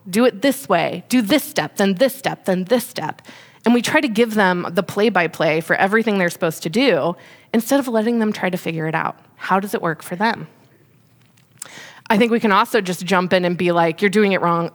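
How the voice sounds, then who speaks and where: A woman in her thirties, a mother speaking to an audience about parenting, candid and conversational with many fillers. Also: fairly low pitch. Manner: emotional, fighting back tears. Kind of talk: personal talk to an audience.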